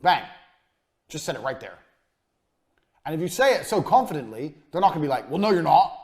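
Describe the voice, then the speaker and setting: A man giving a recorded business lesson, blunt and emphatic, swearing freely, his voice often trailing off quieter at the ends of lines. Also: fairly high pitch, big pitch swings, a little fast. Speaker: business coach.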